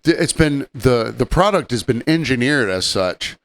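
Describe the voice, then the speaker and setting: A man's voice: mid-range voice, lively intonation, moderate pace. A man co-hosting a podcast, telling rambling, joking stories in casual chat and chuckling often. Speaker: podcast co-host.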